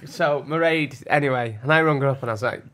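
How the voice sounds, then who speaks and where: A man co-hosts a casual podcast, with a voice that sits at an ordinary middle pitch. He is animated and quick to laugh, and he jumps from one topic to the next. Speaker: podcast co-host. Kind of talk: casual chat.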